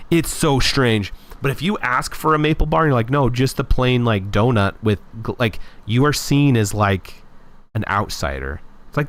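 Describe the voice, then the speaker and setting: A young man hosting a casual live stream, talking in an animated, opinionated way and rambling with frequent restarts. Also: mid-range voice.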